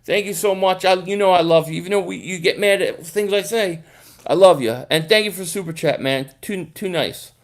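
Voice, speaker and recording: High-voiced man hosting a sports live stream. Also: brisk. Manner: casual, thinks aloud, repeats words. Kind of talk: live-stream chat reading viewer comments.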